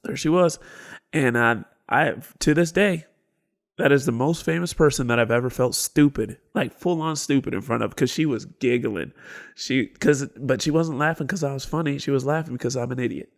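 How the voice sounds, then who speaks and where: A podcast co-host with a gravelly, mid-range voice tells stories in a casual chat at a moderate pace. He's animated, acting out quotes and switching suddenly between whispers and shouts.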